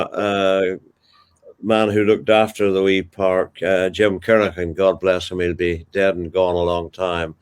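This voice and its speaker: A man's voice: on the low side, clean tone. An older man with a Ballymena Northern Irish accent, telling stories from his life as the guest in a casual interview, with fond asides. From Ballymena, Northern Ireland. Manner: warm anecdotal storyteller with fond asides. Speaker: guest, television broadcaster.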